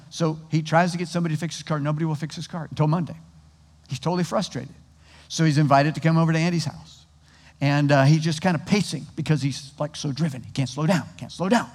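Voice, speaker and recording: A male pastor giving a sermon, telling stories in a conversational, animated way with frequent restarts. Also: a little high, long reverb tail.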